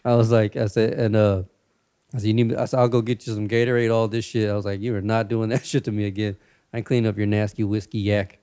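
A man's voice: fairly low pitch, level tone, quick pace, dark tone, smooth. A man co-hosting a podcast, chatting casually and telling crude stories with lots of laughter. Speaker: podcast co-host. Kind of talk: casual chat.

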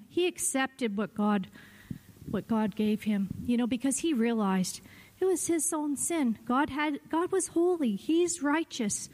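A middle-aged woman pastor preaches with passion, sometimes falling to a hush and then climbing up high. Her voice sits high, and a long reverb from the church sanctuary trails each phrase. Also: animated, a little slow. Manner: impassioned preaching, voice swinging between hushed and rising. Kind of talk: sermon.

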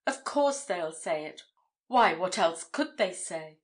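A woman's voice: fairly low pitch, animated, slow pace. A woman reading as a blunt, eager young journalist. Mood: emphatic.

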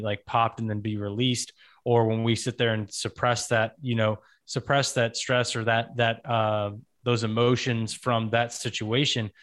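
A man's voice: mid-range voice, a bit bright. A man hosting a podcast, asking long conversational questions with restarts. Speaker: podcast host. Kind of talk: casual podcast interview.

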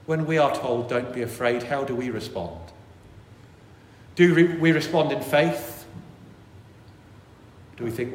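A man's voice: medium pitch, measured pace, long pauses, slight background noise. Man preaching in an echoey church. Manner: animated, voices worried inner thoughts. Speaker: priest. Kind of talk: sermon. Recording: echoey church with long reverb.

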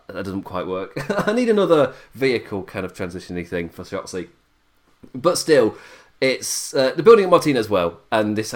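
Man, casual co-host, chatty, laughs a lot, trips over words. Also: mid-range voice. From Britain. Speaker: podcast co-host. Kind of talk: casual wrestling chat.

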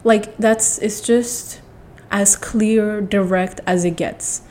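A young woman with a mixed, blended accent rambles through a storytime vlog, blunt and animated. She restarts her sentences often and talks straight to her viewers in a voice of middling pitch. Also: slow, a little hiss or hum. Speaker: vlogger. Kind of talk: casual storytime to camera.

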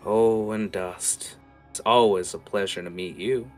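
A man voicing a courteous, sly male rabbit-faced stranger in a cloak, speaking in a gracious, smooth-talking way. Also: on the low side, steady tone, unhurried, a little mellow, faint music behind, lightly acted.

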